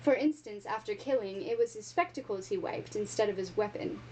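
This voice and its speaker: Expressive woman reading a storybook aloud, mid pitch, faint noise behind. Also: a little fast, few pauses, low-quality recording. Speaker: reader.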